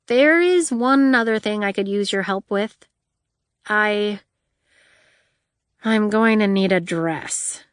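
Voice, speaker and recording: A woman voicing a wry, deadpan young heroine. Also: mid-range voice, takes it slowly, pauses often, clear, resonant tone, no echo, clean studio sound, close to an everyday voice. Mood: hesitant. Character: young woman inventor, wary and dry-witted.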